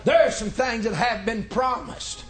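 A male pastor, preaching a folksy, joking sermon that climbs into shouts. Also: extremely high pitch, measured pace. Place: church sanctuary.

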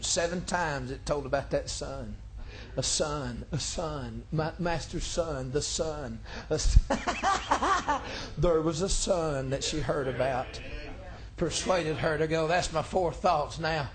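A male pastor, preaching a folksy, joking sermon that climbs into shouts. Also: fairly high pitch. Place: church sanctuary.

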